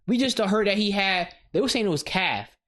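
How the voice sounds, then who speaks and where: A man co-hosting a podcast in casual chat, ranting with loose, animated outrage and plenty of swearing. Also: high voice, fairly quick. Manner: animated, swears freely, rants with mock outrage. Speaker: podcast co-host.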